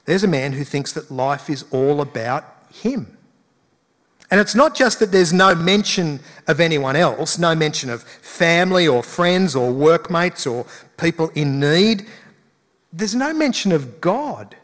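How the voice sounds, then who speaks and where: A man's voice: a little high, animated, measured pace, fairly bright tone. A male pastor giving a conversational sermon with emphatic rises. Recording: long hall reverb.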